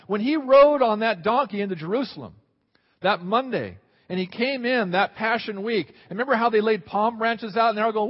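High-voiced male pastor preaching. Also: a little fast. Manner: animated, swings between quiet asides and loud exclaims. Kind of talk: sermon. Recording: dull sound with long hall reverb.

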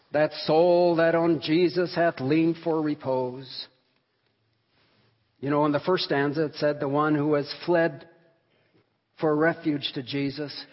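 A man preaching a sermon on a hymn, earnest and emphatic, rising and falling in volume as he stresses words. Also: fairly high pitch. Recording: long hall reverb, dull sound.

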